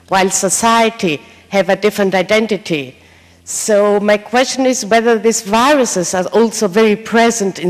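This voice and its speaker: Woman in the audience, mid voice, careful question, hall echo. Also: mid-range voice. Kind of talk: question from the floor. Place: large lecture hall. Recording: long reverb of a big hall.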